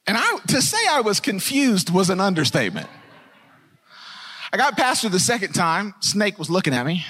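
A high-pitched man preaching with a lot of bounce in his voice. He tells a comic story as a sermon, breaking into shouts and then going soft and earnest. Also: normal speed, husky. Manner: animated, joking, builds to shouting then drops to a hushed earnest tone. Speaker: pastor.

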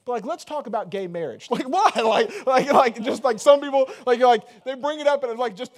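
A man's voice: very high voice, expressive, a little fast. A man preaching a sermon in a loose, conversational way, joking and full of fillers. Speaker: pastor.

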